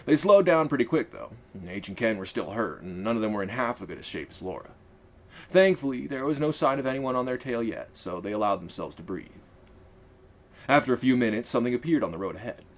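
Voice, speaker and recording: A man's voice: medium pitch, animated, a little fast. A man narrating his own fantasy audiobook in a wry, casual storytelling manner. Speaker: author and narrator.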